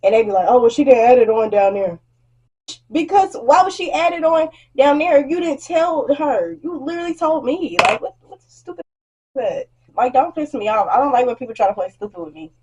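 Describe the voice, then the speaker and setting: A young woman vlogger telling a blunt, animated storytime rant about work, acting out what customers said and swearing freely. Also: high-pitched, fairly quick, dull audio.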